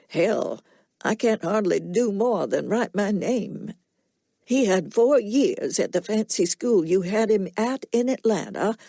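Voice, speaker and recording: A woman narrates an audiobook in a medium-pitched voice with no echo, portraying a middle-aged Southern farmer. The character is soft-spoken and plainspoken, with a slow nasal drawl and a quietly stern manner.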